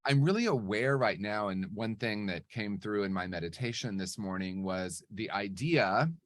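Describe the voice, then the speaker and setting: Man, lowish voice, earnest storyteller, animated, dry close recording. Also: moderate pace, no room sound. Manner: earnest, animated, frequent "right?" asides. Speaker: guest speaker on recovery. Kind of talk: reflective conversational storytelling.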